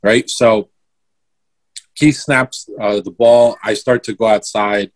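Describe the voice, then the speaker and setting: A man's voice: on the low side, fairly even intonation, slow. Casual swearing young man telling a story. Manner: swears a lot, vivid play-by-play retelling.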